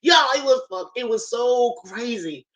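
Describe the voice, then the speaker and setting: A woman's voice: fairly high pitch, expressive, measured pace, rough recording. Woman, casual live stream storytelling, chatty, profane, speaks right to viewers, at home on a laptop mic. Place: at home, moving from kitchen to living room.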